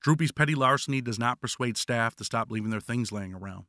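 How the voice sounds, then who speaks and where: A man reads his own memoir aloud in a blunt, wry voice, with a bright, forceful tone. The recording is close and dry, with no room echo. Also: mid-range voice, brisk. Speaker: author narrating his memoir. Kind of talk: audiobook memoir narration.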